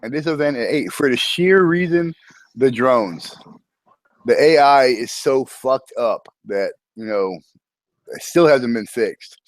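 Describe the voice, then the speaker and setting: A man's voice: mid-range voice, lively intonation, slow pace, no echo. A man hosting a casual voice-chat show about a strategy game event, easygoing and profane, often chuckling. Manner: laid-back, profane, chuckling. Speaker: podcast host.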